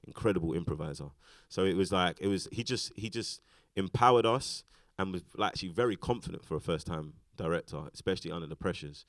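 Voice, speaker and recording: A British man with a very low voice talks fast and loosely, filling his sentences with fillers and restarts. He is a guest in a casual onstage conversation, and the sound is close and dry. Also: no echo. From Britain. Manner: rambling, lots of fillers and restarts. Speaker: actor, interview guest. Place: festival stage talk.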